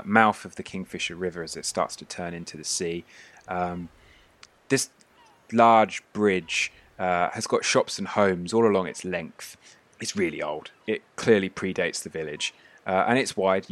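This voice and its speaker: A man's voice: sits low, a bit bright, no room sound. A man hosting and narrating a tabletop game as game master, describing scenes at length with many fillers.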